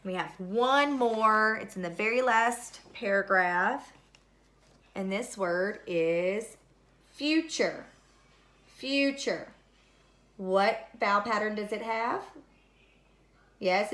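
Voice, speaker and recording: A woman's voice: medium pitch, a bit bright. A woman teaching a third grade word study lesson, speaking patiently and repeating each word. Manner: slow, patient, deliberate, repeats words for spelling. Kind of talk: recorded classroom lesson.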